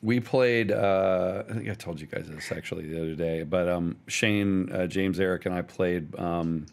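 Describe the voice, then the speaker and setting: A middle-aged man in a relaxed group chat after a tabletop game, rambling with laughs and trailing-off restarts. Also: low voice, normal speed, gravelly.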